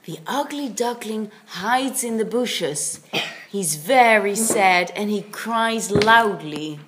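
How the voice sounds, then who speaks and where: A woman narrating a children's story in slow, simple, expressive sentences for young learners. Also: medium pitch.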